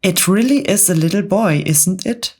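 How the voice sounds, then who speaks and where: A woman softly voicing a flustered male fire chief in a whispered role-play bedtime story. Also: medium pitch, husky, natural voice. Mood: alarmed. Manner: soft, slow, gentle.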